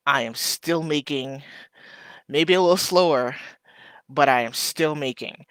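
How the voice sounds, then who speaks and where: A small shop owner hosting a casual live stream, talking to viewers in a rambling, heartfelt way with lots of ums and shout-outs. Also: medium pitch, measured pace, pauses often, no echo. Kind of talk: casual livestream chat to viewers.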